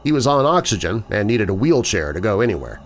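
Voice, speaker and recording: Low-voiced man narrating horror stories. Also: sing-song, a little hiss or hum. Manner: measured storytelling. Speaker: host and narrator. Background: faint music.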